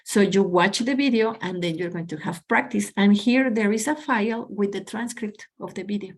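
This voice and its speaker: A woman's voice: mid-range voice, normal speed. A woman from Mexico, a pronunciation teacher speaking on a video call, effusive and encouraging. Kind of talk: online presentation and chat.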